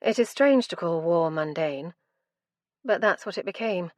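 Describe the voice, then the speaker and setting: Low-voiced woman narrating a dark fantasy audiobook. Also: animated, unhurried, no room sound, studio quality. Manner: dramatic, intense storytelling.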